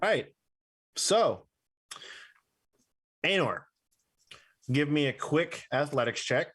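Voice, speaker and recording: A man running a tabletop game as game master, narrating scenes in a loose, halting way with fillers and restarts. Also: on the high side, expressive, a bit bright, breathy edge.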